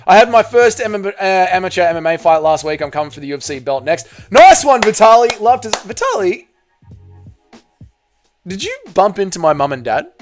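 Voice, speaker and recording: A man's voice: a little high, fast talker, hardly any pauses, soft background music. An Australian man hosting a casual live stream, reading out chat messages, swearing freely and bantering with viewers. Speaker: livestream host reading chat.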